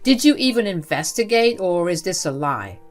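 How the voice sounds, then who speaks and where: A woman voicing a middle-aged father who confronts his mother, reading his lines with indignant, raised emphasis over soft music. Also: fairly low pitch, very animated, moderate pace. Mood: outraged.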